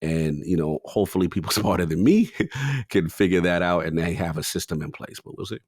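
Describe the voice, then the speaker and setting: A man's voice: low-pitched, lively intonation, fairly quick, a little mellow, husky, no room sound, clean studio sound. A man co-hosting a gaming podcast in casual chat, laughing easily and calling his partner "bro". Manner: laughs often, says "bro" and "listen, man". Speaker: podcast co-host.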